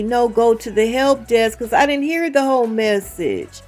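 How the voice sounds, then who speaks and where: A woman's voice: a little high, moderate pace, hardly any pauses, soft background music. A woman hosting her own channel, telling a story casually and acting out the dialogue, with emphatic asides to the viewers. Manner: animated retelling with quoted dialogue. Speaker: channel host.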